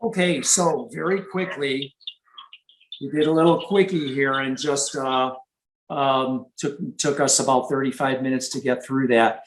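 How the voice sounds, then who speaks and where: A man's voice: medium pitch, steady tone, a little slow, a little hiss or hum, low-quality recording. Chatty man imitating frog calls. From Michigan. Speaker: nature educator. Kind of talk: live presentation.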